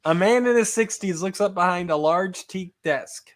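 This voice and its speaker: A man's voice: high voice, moderate pace, slight background noise. A man hosting a podcast, casually reading a choose-your-own-adventure book aloud. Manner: casual, laughs between lines. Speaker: podcast host.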